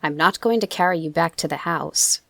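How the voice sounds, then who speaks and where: A woman's voice: low-pitched, brisk, creaky, no room sound, exaggerated voice. A woman voicing a stern, irritated middle-aged father who scolds his son. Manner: loud, scolding.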